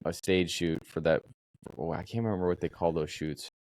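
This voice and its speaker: Low-voiced man telling animated stories. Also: moderate pace. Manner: animated storyteller, acts out yelling voices. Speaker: podcast co-host, former Marine. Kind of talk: casual storytelling chat.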